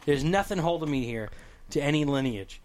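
A man's voice: fairly high pitch, animated, brisk, a little mellow. A man hosting a casual podcast chat, teasing and joking with his guests. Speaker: podcast host.

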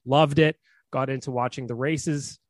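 A man's voice: mid-range voice, fairly even intonation, moderate pace, no echo, studio quality. A young Canadian man hosting a sports podcast, talking bluntly and swearing freely between ad reads. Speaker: podcast host.

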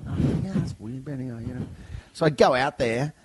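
A man's voice: medium pitch, fast talker, breathy edge, rough recording. A man hosting a comedy podcast, telling a chatty anecdote and laughing often. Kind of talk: casual storytelling.

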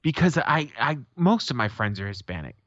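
A man co-hosting a laid-back podcast, swearing freely as he tells family stories and acts out the people in them. His voice sits at a middle pitch. It comes through dry and a bit muffled, with a lo-fi dullness. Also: very animated, normal speed, fairly bright tone, dry recording. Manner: profane, storytelling, acts out quotes. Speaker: podcast co-host. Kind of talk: casual podcast chat.

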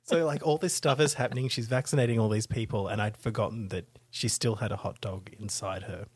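A man's voice: lowish voice, steady tone, a little fast, breathy edge. A man co-hosting a casual comedic book talk, reading excerpts aloud with laughing asides. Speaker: podcast co-host.

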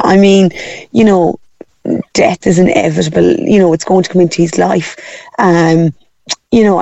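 A woman with a croaky, hoarse voice that crackles with gravelly fry. She talks as a guest in a casual chat, hesitant and filling pauses as she goes. The sound is close and dry. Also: fairly low pitch, dark tone, no room sound. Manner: hesitant, many fillers. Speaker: guest parent.

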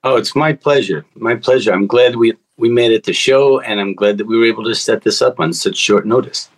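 A man's voice: on the low side, fairly quick, low-quality recording. A man with a Brooklyn accent, a musician guest on an interview show, speaking in an easygoing, friendly way. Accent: Brooklyn New York. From Brooklyn, New York. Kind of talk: casual interview chat.

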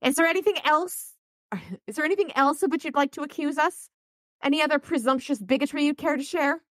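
A woman's voice: medium pitch, expressive, quick pace, no room sound, pitched above the performer's own voice, lightly acted. A woman voicing a scornful female spiritual-order leader in a read-aloud story, with a sneering, accusatory manner.

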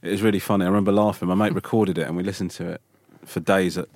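A man in casual chat as a podcast co-host, relaxed, swearing freely as he tells stories. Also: low-pitched, very fast, no room sound, studio quality. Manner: relaxed, swears, laughs at his own stories.

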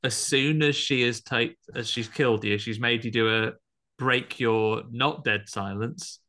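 A man's voice: mid-range voice, measured pace, sharp tone. A man co-hosting a podcast, casually recapping a horror film and acting out the characters' lines. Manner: chatty, acts out quoted lines with bursts of voices. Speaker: podcast co-host.

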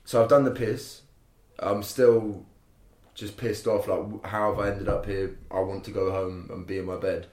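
Man, young, lowish voice, rambling sweary storytelling, echoey room. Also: steady tone, normal speed, darkish tone. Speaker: podcast guest telling a story. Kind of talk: casual chat. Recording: roomy echo.

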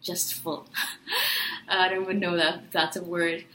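A woman's voice: on the low side, flat delivery, a little fast, fairly bright tone. Earnest woman venting in an echoey room. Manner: earnest, venting, rhetorical questions. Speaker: personality-type video host. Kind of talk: casual monologue to camera.

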